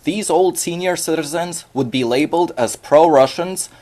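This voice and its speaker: A man narrating a scripted voice-over in a measured, explanatory way. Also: on the high side, a little mellow.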